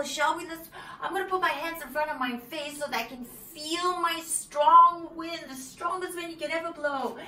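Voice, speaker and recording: High-voiced woman telling stories to preschoolers. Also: normal speed, hardly any pauses. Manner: coaxing, counting aloud, guiding children through actions. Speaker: children's storyteller. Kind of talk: interactive storytelling for preschoolers. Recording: roomy echo from a distance, soft music.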